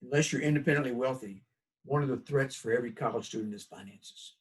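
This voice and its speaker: Southern guy teaching a class, chatty and folksy, kinda husky, sounds a little far from the mic. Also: mid-range voice, fast. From United States. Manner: folksy, conversational, animated storytelling. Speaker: college instructor. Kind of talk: recorded course lecture.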